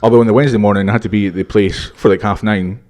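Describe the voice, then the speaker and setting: A man's voice: fairly low pitch, fairly even intonation, darkish tone. A man in his forties with a north-east Scottish accent, a podcast co-host telling rambling anecdotes in casual chat. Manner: chatty storyteller, quick rambling anecdotes.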